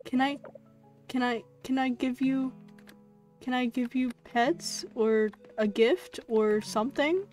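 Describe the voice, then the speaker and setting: A woman streamer chatting casually while she plays a game, easily excited, cooing at characters and now and then swearing. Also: sits high, takes it slowly. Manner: excitable, gasps and coos, swears lightly. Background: faint game music.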